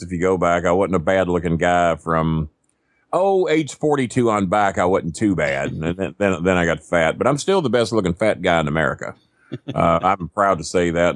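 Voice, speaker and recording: A man's voice: deep voice, no room sound, studio quality. A man, telling crude, self-mocking stories as a podcast guest. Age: 50s. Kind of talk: casual storytelling. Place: not at a desk microphone.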